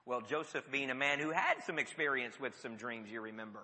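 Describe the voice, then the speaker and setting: Man, preacher, sermon, storytelling, very bright tone, echoey hall. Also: mid-range voice, a little fast. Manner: storytelling with sudden drops to a near whisper.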